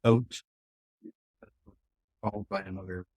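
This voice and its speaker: A man reading aloud in class as a student, quiet and hesitant, sounding unsure. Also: low voice, fairly even intonation, slow pace, breathy edge, no echo. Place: classroom, away from the mic.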